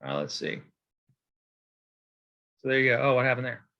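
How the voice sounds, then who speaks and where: A man teaching a recorded poetry lesson in a casual, rambling way, checking in with "okay?" and filling pauses with "um" and "uh". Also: mid-range voice, animated, muffled recording. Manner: casual and digressive, with many fillers and "okay?" check-ins. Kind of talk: recorded lecture with slides.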